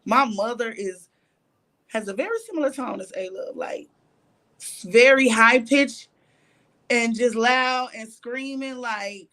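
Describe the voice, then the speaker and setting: A high-pitched woman speaking at a measured pace appears as a guest in an interview. The reality show cast member recounts a candid story bluntly and profanely, animatedly performing other people's lines.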